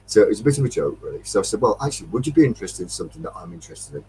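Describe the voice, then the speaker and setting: A man's voice: mid-range voice, sing-song, rapid-fire, vocal fry, warm tone, slightly rough, far from the mic, poor audio. A man from Derbyshire with a Midlands accent, hosting a casual chat, rambling through a story and acting out the dialogue after a few beers. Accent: English Midlands. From Derbyshire, England. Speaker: metal detecting chat host.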